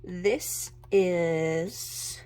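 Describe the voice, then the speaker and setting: A young woman chatting casually at home as she shows her makeup, gushing and sometimes dropping into a soft whisper. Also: on the low side, drawn-out words. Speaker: makeup vlogger. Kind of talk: casual chat while swatching makeup. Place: home room with natural light.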